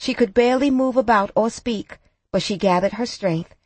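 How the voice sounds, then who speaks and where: A woman narrating an audiobook in a measured storytelling manner. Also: a little high, a little mellow, husky, no echo.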